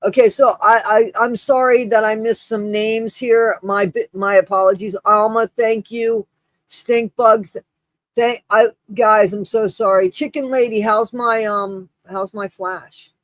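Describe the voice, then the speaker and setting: A man's voice: high voice, fairly even intonation, measured pace, dry recording. A man hosting a casual live stream, effusive and rambling, greeting viewers by name while short of breath. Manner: effusive, rambling, with many restarts and shout-outs.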